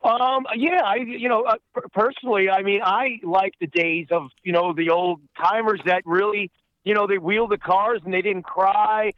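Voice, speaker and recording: Rambling man with a high voice. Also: fairly even intonation, normal speed, dry recording, lo-fi sound. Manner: rambling, many fillers. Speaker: voice actor guest. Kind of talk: casual interview.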